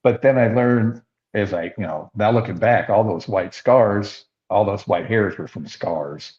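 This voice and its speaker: A man's voice: on the low side, unhurried, a little mellow. An older man, a podcast co-host, telling rambling anecdotes in casual chat and acting out the quotes. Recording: slightly dull lo-fi sound.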